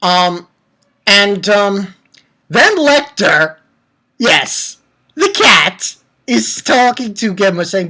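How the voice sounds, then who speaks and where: A woman reviewing a manga chapter on her channel, talking at an unhurried pace in a bright, forceful voice. She gets worked up, swears freely and mimics the characters as she retells the story. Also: medium pitch. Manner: excitable, swears freely, acts out the quotes. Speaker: anime reviewer. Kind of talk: casual video review.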